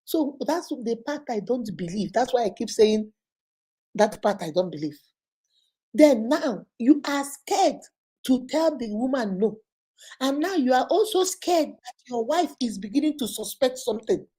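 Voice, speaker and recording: A woman's voice: a little high, lively intonation, a little slow, warm tone, breathy edge. A woman hosting an advice show, retelling a viewer's story with dramatic quoted voices.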